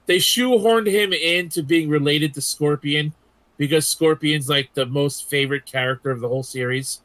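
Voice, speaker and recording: A man's voice: fairly high pitch, moderate pace, a bit bright, dry recording. A man hosting a casual group chat, swearing freely and retelling scenes with animation. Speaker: podcast host.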